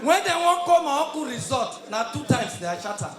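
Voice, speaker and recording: A man doing live stand-up comedy with a Nigerian Pidgin English accent, delivering loud, punchy, shouted punchlines. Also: very high-pitched, sing-song, brisk, reverberant, faint music behind.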